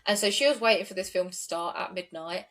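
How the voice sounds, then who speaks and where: A woman's voice: fairly low pitch, fast, a bit bright. Woman retelling a true crime case. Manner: conversational retelling with fillers. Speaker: podcast co-host. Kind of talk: true crime podcast storytelling.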